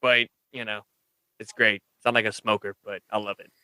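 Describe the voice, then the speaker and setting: A man's voice: fairly low pitch, level tone, normal speed, sharp tone, smooth, dry recording. A man guesting on a podcast in casual chat, easygoing and hedging his opinions.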